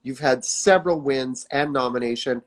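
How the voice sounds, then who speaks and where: A man's voice: medium pitch, normal speed. A man hosting an interview who reacts with eager, impressed enthusiasm and asks questions in a casual way. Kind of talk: conversational interview.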